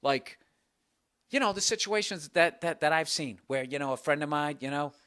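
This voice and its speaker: A man's voice: on the high side, moderate pace, clean tone, dry recording. A man hosting a casual comedy podcast, ranting and telling stories with lots of swearing. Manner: profane, ranting, animated storyteller. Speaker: podcast host.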